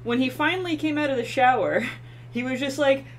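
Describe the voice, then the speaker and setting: A woman co-hosting a casual talk show tells stories with lots of animation. She gets loud as she acts out her anger. A faint noise and hum sit behind her voice. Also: high-pitched, fairly quick, low-quality recording. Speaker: podcast co-host. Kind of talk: casual storytelling chat.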